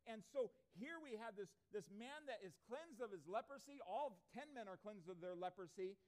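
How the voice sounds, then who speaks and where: Pastor with a high voice, preaching earnestly to his congregation. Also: lively intonation, normal speed, a little mellow. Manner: earnest preaching with rhetorical questions. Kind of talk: sermon. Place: church before a congregation.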